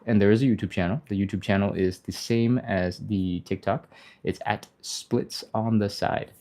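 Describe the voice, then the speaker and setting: Mellow-voiced man leading a stretch class. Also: steady tone, normal speed. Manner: casual, chatty, explains step by step, laughs often; acts out panicky inner voices in a high yelp. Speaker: stretching instructor, live stream host. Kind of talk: live-streamed workout instruction, reading chat.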